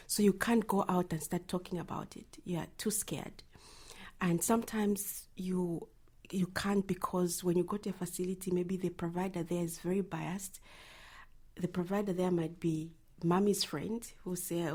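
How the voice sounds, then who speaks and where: A woman's voice: on the low side, fairly even intonation, normal speed, dark tone, breathy edge. A woman, an advocate answering interview questions earnestly, often trailing into a near whisper at the ends of phrases. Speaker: reproductive health advocate.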